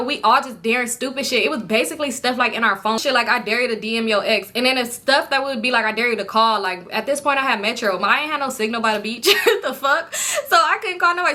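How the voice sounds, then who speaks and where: A young woman casually telling a storytime vlog, profane and animated, acting out what others said. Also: on the high side. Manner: animated, profane, acts out quotes. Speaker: storytime vlogger.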